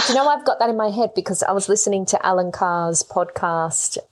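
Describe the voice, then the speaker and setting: A woman's voice: medium pitch, fairly quick, a crowd in the background. A woman from Australia with an Australian accent, co-hosting a podcast in casual chat, going off on chatty tangents. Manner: chatty, tangent-prone, laughs easily. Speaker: podcast co-host.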